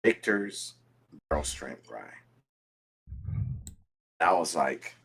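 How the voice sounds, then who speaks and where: A man with a very low, husky voice tells a personal story in casual talk. His pitch swings widely as he gets animated, and he restarts his sentences often. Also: slow, long pauses. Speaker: whiskey show contestant. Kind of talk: casual chat.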